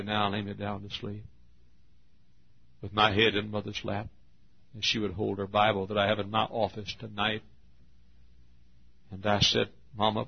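A man in his fifties from Texas preaching a sermon, telling a long personal story in an earnest, drawn-out way. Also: fairly low pitch, vocal fry, husky. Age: 50s. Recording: dull lo-fi sermon recording.

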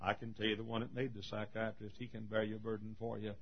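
A male preacher delivering a revival sermon, dropping to a murmur and then shouting repeated calls in a rhythmic, pleading way. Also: on the low side, flat delivery, fast talker, hardly any pauses, slightly rough. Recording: dull lo-fi recording.

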